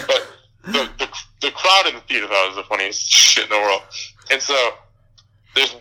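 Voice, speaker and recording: Fairly quick and pushed, with a bright edge to his lowish voice, a young podcast co-host fires off a cursing, angry rant and laughs through bits of it. The setting is casual film review talk, and the recording is rough.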